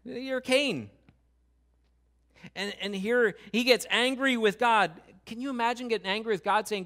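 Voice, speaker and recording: A man preaching a sermon as pastor, talking in a conversational, animated way with quick asides and repeated restarts. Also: extremely high pitch. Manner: acts out what God and others say.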